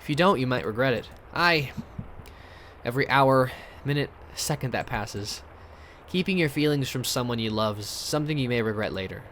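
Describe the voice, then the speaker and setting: A man reading a calm young woman composer. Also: mid-range voice, normal speed, slight background noise, close to an everyday voice. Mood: gentle.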